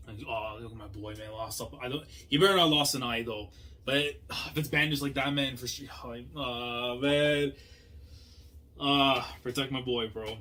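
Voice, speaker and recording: A young man hosting a manga reaction, talking casually in slang and swinging between low muttering and loud outbursts. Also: level tone, brisk.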